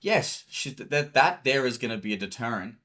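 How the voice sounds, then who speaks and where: A man's voice: medium pitch, animated, brisk, sharp tone. Blunt, swearing male dating coach. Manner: blunt, swears freely, explains with acted-out examples. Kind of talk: casual coaching talk.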